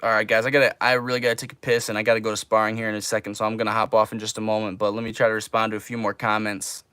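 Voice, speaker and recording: A man's voice: lowish voice, flat delivery, very fast, a bit bright, smooth, no room sound. Chill young guy on a livestream, drawly and easygoing, dry close sound. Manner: laid-back, drawls, says man and bro a lot. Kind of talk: casual livestream chat.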